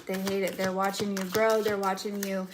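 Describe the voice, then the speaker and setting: In a casual spiritual live chat, a young woman tarot reader gives a loose, chatty reading, trailing off into fillers, giggling, and swearing casually without slowing down. Her pitch is in an ordinary middle range and her delivery is flat. There's noise in the background.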